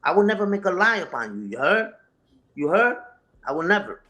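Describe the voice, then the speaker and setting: A man whose voice sits high and swings widely in pitch. He sounds confrontational and profane, repeating phrases for emphasis as he talks without a script. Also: very animated, fairly quick, sharp tone. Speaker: interview guest, online content creator. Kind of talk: heated unscripted talk, answering a live chat.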